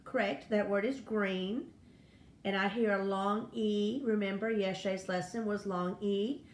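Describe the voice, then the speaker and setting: A woman's voice: mid-range voice, fairly even intonation, unhurried. A woman teaching a first-grade spelling and phonics lesson, speaking patiently and encouragingly to young children. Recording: echoey room with faint noise.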